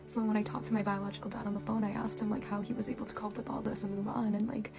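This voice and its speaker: A woman's voice: medium pitch, flat delivery, rapid-fire, creaky, music in the background, low-quality recording. A woman, recounting her own story casually and filling her talk with "like.". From Japan and the United States. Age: 20s. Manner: chatty, heavy use of "like" fillers. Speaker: reunion storyteller.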